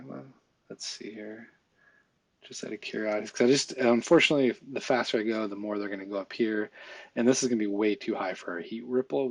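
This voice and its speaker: A man with a low, gravelly, slightly husky voice walks through a visual effects tutorial. He talks casually and thinks aloud, with fillers and quick asides as he clicks around. The sound is dry and close. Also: no room sound. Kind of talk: screen-recorded software tutorial.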